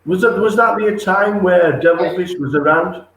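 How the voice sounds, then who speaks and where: A man's voice: sits high, moderate pace, fairly bright tone. A man hosting a casual interview, giving encouraging short reactions and questions. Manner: encouraging, brief reactions and laughs. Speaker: host. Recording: echoey room with faint noise.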